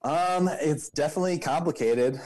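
A man co-hosting a podcast in relaxed casual chat, often hedging with "I mean.". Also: a little high, normal speed, no room sound. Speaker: podcast co-host.

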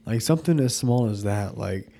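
Low, mellow-voiced man, halting. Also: animated, gravelly. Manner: halting, filler-heavy. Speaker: podcast co-host. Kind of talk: casual faith chat.

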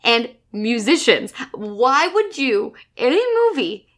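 A woman's voice: on the high side, sing-song, takes it slowly, fairly bright tone. A woman co-hosting a podcast, casually picking apart a movie, emphatic and exasperated, swearing now and then. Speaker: podcast co-host.

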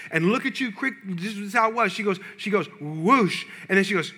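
A male pastor preaching a sermon, telling a personal story with animated, humorous delivery to his congregation. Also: high voice, fast talker.

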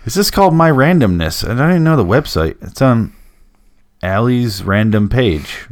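A man's voice: mid-range voice, expressive, normal speed. Crude, joking male podcast co-host. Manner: joking, crude, drawls lazily on purpose. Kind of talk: casual late-night chat.

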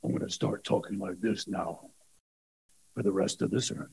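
A man putting on a low, quiet, clipped impression of a gruff tough guy. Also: moderate pace, slight background noise, low-quality recording. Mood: deadpan.

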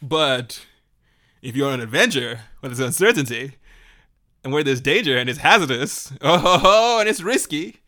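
A man retelling a Bible story in a lively, animated way, laughing often and acting out the voices of the people in it. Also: medium pitch, moderate pace.

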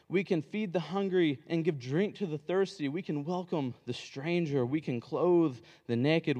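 Male preacher, sermon, conversational, slightly high voice, acts out dialogue, reverberant church hall. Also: darkish tone. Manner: casual, conversational preaching with fillers; acts out the parable's characters in quick dialogue.

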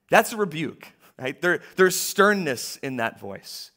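A man preaching a sermon in a church, talking conversationally and moving between hushed lines and emphatic ones. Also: on the high side, very animated, unhurried, hardly any pauses. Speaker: pastor.

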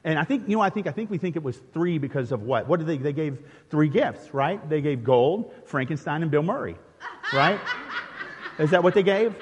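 A man's voice: a little high, lively intonation, fairly quick, slight background noise. A male pastor, casually directing a congregation through a nativity skit, chatty and laughing often. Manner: playful and chatty, laughing often, with many restarts. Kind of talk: interactive Christmas sermon, directing a live nativity skit. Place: church sanctuary. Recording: long reverb from a large hall.

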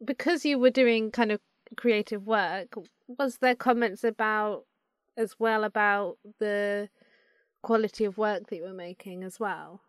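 A woman hosting a podcast, asking gentle, sympathetic questions in casual chat. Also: medium pitch, measured pace, smooth, no room sound, clean studio sound. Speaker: podcast host.

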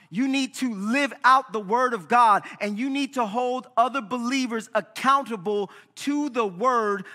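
A man preaching a sermon in a church, animated, often checking in with "right?". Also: high voice, long reverb tail. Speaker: pastor. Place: church sanctuary.

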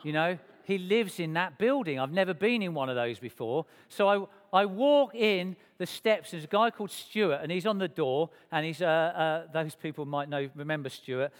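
A man telling his life story to a church congregation in a lively, self-mocking way, acting out the dialogue. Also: a little high, normal speed, hardly any pauses. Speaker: speaker sharing his testimony to a church congregation. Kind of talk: personal storytelling. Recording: long reverb of a church hall.

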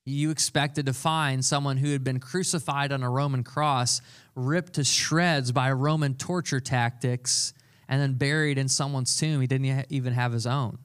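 A man's voice: medium pitch, fairly even intonation, moderate pace, a bit bright, smooth. A young adult man preaching a sermon, earnest and conversational, repeating key phrases for emphasis. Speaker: pastor.

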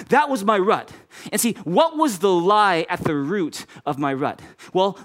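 A man preaching a sermon as pastor, repeating key phrases and speaking directly to his congregation. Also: high voice.

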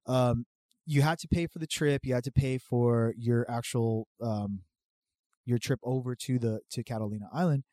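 Foul-mouthed man with a mellow voice. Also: medium pitch, moderate pace, no room sound, clean studio sound. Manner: profane, animated storytelling. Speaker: podcast guest telling a story. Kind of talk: casual chat.

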